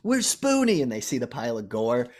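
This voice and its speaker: Profane, animated man recapping a movie. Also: medium pitch, very fast. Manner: profane, animated retelling with acted-out lines. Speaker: movie review podcast co-host. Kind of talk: casual chat recapping a movie.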